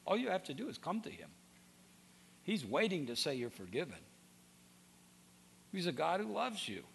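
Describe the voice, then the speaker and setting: Pastor type, male, gravelly and a touch high, earnest sermon delivery, faint hum under the voice. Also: sing-song, normal speed. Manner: earnest, repeats words when starting sentences.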